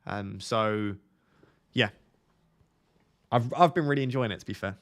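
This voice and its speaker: A man's voice: lowish voice, unhurried, a bit bright. Chatty young man reading stream chat. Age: 20s. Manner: chatty, reads viewer comments aloud and answers them. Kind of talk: casual live-stream chat.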